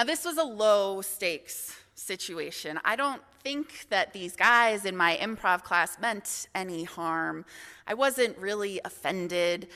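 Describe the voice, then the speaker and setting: Bright-voiced woman telling a story. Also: medium pitch. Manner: candid storytelling, self-deprecating. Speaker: assistant minister. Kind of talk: sermon reflection. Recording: reverberant hall sound.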